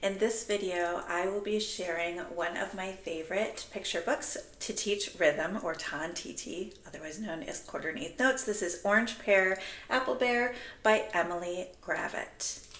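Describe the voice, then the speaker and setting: A woman's voice: fairly low pitch, moderate pace, a bit bright, reverberant. A woman music teacher explaining a classroom lesson step by step in an upbeat, instructional way. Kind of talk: instructional video.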